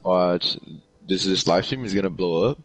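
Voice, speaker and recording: A man's voice: low voice, moderate pace, soft background music, poor audio. A young man bantering with friends while they game, slangy and boastful. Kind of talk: casual gaming chat with friends.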